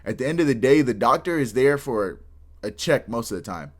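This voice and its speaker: A man's voice: mid-range voice, animated, brisk. A man hosting a reaction video, talking casually with lots of slang and restarts.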